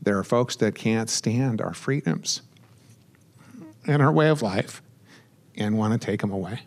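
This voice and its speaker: Halting middle-aged man giving a speech. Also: fairly low pitch, expressive. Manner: halting, many fillers and restarts, self-deprecating chuckles. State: choked up with emotion. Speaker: guest speaker. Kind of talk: speech at a memorial ceremony.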